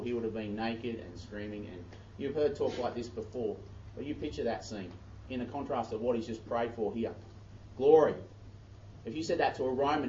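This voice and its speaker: A medium-pitched, slightly mellow male voice comes from an Australian pastor mid-sermon. He alternates reading scripture with chatty, self-interrupting asides; the sound is echoey, distant, and dull, with a bit of background noise.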